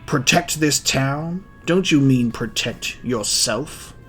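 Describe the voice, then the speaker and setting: A stoic, brooding swordsman from a dark manga, voiced by a man reading aloud. His voice stays level and cold. He takes his time, with faint music underneath. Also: mid-range voice, takes it slowly, pitched above the performer's own voice, natural voice. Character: grim, stoic male swordsman, young adult.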